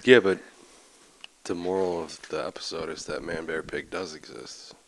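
Man, very low voice, quiet, hesitant, dry remarks. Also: fairly even intonation, moderate pace, poor audio. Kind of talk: casual chat.

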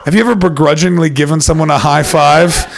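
A man from Canada doing stand-up comedy, telling a story to a live audience and acting out other people's lines in quick voices. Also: a little high, steady tone, creaky. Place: stage before a live audience.

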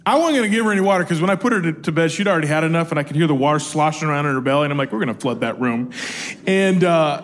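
A man in his forties co-hosting a faith talk, telling family stories in a lively way and laughing as he goes. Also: on the high side, rapid-fire, few pauses. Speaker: co-host. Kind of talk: casual faith talk with storytelling.

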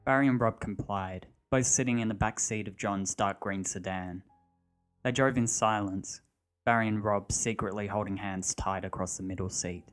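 A man reads a dark story aloud in a low, steady voice. His delivery is measured and even. Faint music sits underneath the narration.

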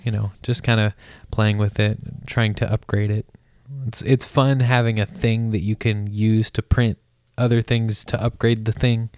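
A man's voice: lowish voice, flat delivery, moderate pace, few pauses, a little mellow, no echo. Nasal man with a cold. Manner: laid-back, laughs often. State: has a cold. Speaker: podcast co-host. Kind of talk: casual couple's podcast chat. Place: darkened room at home. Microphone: studio microphone.

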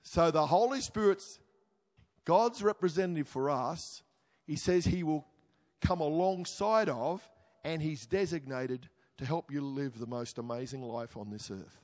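Emphatic pastor in reverberant hall. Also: male voice, a little slow, a little mellow. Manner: emphatic, rising to exclamations then dropping low and intimate. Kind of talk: sermon. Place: church hall.

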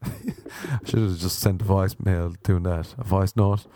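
A man's voice: on the low side, steady tone, normal speed, dark tone, no echo. A young Irish man doing a rambling comic monologue, self-mocking and meandering, with sudden sung bits and silly voices. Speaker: comedian.

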